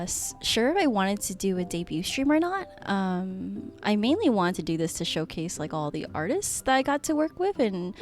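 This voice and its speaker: A woman streaming live as a VTuber, chatting with her viewers in a giggly, gushing way and hesitating with many soft ums. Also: mid-range voice. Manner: giggly and gushing, often laughing. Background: faint background music.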